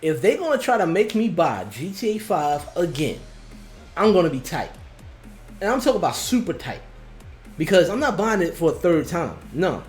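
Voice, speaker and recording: A man co-hosting a casual gaming podcast over a video call, excitable and slangy, swearing freely. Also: high voice, moderate pace, soft background music. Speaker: podcast co-host.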